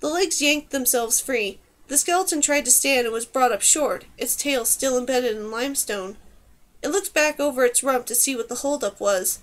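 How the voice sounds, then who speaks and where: A woman narrating a fantasy audiobook in a steady storytelling manner. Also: sits high, moderate pace. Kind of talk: scripted narration.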